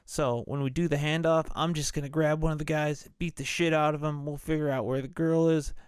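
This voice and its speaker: A man's voice: a little high, flat delivery, brisk, clean tone, no room sound, clean studio sound. A man hosting a podcast, retelling a film in a laid-back, profane, casual way. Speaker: podcast host. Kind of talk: casual movie recap podcast.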